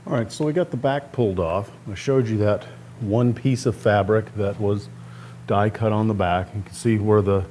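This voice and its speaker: A man's voice: fairly low pitch, moderate pace, a little hiss or hum. A man hosting a restoration channel, talking casually through a hands-on project step by step while he works in a workshop. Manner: relaxed, plainspoken explaining while working. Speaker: host of a guitar restoration channel. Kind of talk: casual step-by-step how-to talk.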